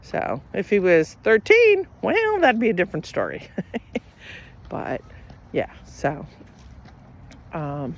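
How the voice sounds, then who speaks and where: A woman's voice: on the low side, wildly swooping pitch, takes it slowly, pauses often, a little hiss or hum. A middle-aged woman talking in a rambling, chatty way while walking her dog outdoors. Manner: rambling, chatty, many fillers. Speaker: vlogger. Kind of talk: casual chat.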